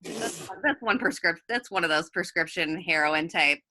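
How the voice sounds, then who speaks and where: Woman, podcast guest, earnest and reflective, lower pitch, bright tone. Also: normal speed, slight background noise. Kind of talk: casual recovery podcast chat.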